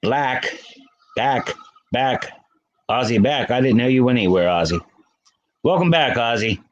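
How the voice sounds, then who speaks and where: A man's voice: medium pitch, expressive, measured pace, muffled recording. A man hosting a casual livestream, chatting with viewers by name and laughing often. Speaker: livestream host.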